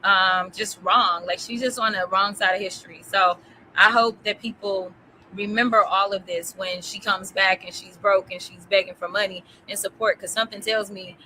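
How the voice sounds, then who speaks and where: A woman's voice: mid-range voice, fairly even intonation, moderate pace, pushed and bright, a little hiss or hum, poor audio. A woman being interviewed, speaking bluntly and confidently with sly asides. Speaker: interview guest. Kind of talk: candid interview conversation.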